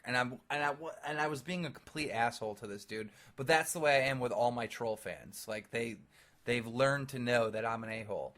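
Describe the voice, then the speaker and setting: A man's voice: medium pitch, normal speed. A man co-hosting a casual podcast chat, talking bluntly with lots of swearing. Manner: profane, blunt, animated storytelling. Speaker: podcast co-host.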